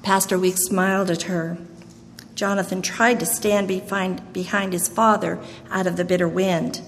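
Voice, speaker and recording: A woman reading a Christmas storybook aloud in a gentle, measured way. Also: fairly low pitch, level tone, a little hiss or hum. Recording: long hall reverb, faint ambience.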